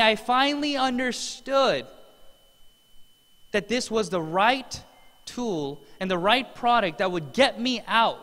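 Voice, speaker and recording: A man's voice: sits high, bright, forceful tone. A man giving an earnest, emotional motivational testimonial as a seminar speaker in a large event hall. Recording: long hall reverb.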